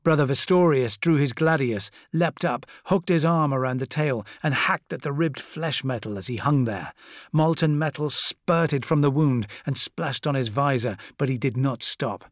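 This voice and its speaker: A male audiobook narrator tells a battle story with measured, dramatic pacing. His pitch sits in a middle range for a man. The recording is dry and close, with no room sound. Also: no room sound.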